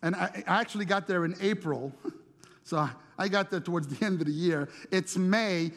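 A middle-aged male pastor preaches in a loose, chatty way, doubling back on words as he tells his story. His voice sits high for a man. It rings out with the long reverb of a large hall. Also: moderate pace, a bit bright. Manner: conversational, repeats words while searching for them, laughs at himself. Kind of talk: storytelling sermon.

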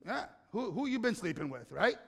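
A man's voice: high-pitched, big pitch swings, normal speed, creaky, a bit bright, breathy edge, long reverb tail. A man preaching a sermon in a conversational, joking way, often tossing questions to the congregation. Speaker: pastor.

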